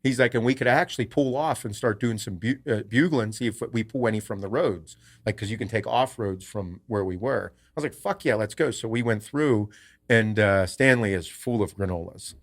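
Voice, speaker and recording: A podcast host telling a casual story in a profane, rambling way. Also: male voice, fairly low pitch, normal speed. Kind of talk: casual chat.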